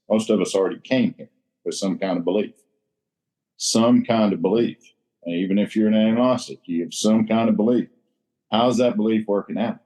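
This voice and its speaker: A man's voice: low voice, warm tone, breathy edge. A man who is a regular on a recovery roundtable, explaining the text in an emphatic, teacherly and folksy way.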